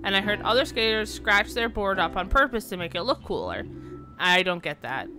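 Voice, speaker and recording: A woman's voice: medium pitch, very animated, normal speed, music in the background, natural voice. A woman voicing a young girl patient who eagerly rambles about her skateboard and what happened at the skate park.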